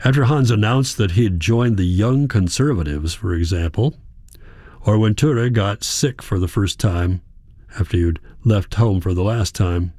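This first-person literary story comes from a man narrating an audiobook in a hushed, deliberate way. He has a deep voice with a mellow warmth. It's captured up close, completely dry and free of any room ambience.

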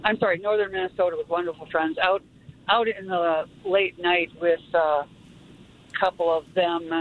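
A woman's voice: fairly low pitch, steady tone, moderate pace. A woman calling into a radio show, telling a rambling, amused story. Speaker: radio caller. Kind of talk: phone-in anecdote. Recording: tinny phone line.

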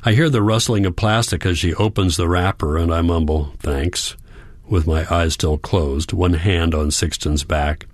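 A man with a very low voice reads a first-person novel aloud, calm and measured. His narration stays reflective throughout. The sound is dry and close to the mic. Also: no echo. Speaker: audiobook narrator.

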